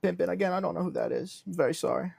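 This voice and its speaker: A young man hosting a casual livestream, reading comments with a deadpan businessman act. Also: high-pitched, rapid-fire, vocal fry, breathy edge, no room sound, studio quality. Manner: deadpan self-styled businessman persona. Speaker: livestream host.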